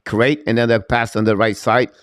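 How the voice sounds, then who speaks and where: A man hosting a live-stream hockey play-by-play, talking in a rapid run of commentary in broken non-native English with many "uh" fillers and sudden jumps to excited shouting on scoring chances. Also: medium pitch, clean tone, no room sound, clean studio sound. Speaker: play-by-play host.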